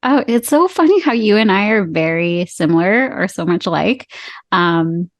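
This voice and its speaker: A woman's voice: mid-range voice, expressive, normal speed, no echo. Chatty woman podcast host, dry sound. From Canada. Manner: chatty and encouraging, laughs easily. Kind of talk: casual interview chat.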